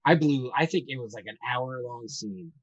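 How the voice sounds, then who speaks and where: A man's voice: medium pitch, normal speed, no echo, far from the mic, muffled recording. A man chatting casually about tabletop role-playing, rambling and enthusiastic, swearing freely as he tells stories. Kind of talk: casual chat.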